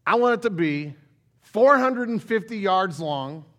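Man playing a heartbroken God, plain and casual, fairly high voice. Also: lively intonation, measured pace, a bit bright, lo-fi sound. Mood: explaining. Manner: casual, conversational, stammering.

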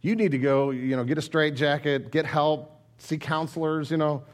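A man's voice: very high voice, very animated, takes it slowly, breathy edge, heavily acted. A man doing a scornful, slangy neighbor. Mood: mocking. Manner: scoffing, slangy, drawled.

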